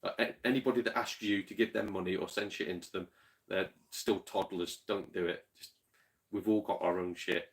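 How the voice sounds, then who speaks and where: This streamer has a low voice with a steady tone and a brisk pace. Slightly tipsy, he goes through his chat and tells stories in a loose, chatty way, swearing freely and laughing often.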